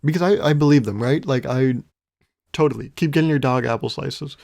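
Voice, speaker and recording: A man's voice: mid-range voice, brisk, creaky, a little mellow. A man hosting his own podcast, musing in a wry, rambling way, swearing casually and chuckling often. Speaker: podcast host. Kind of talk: casual solo podcast monologue.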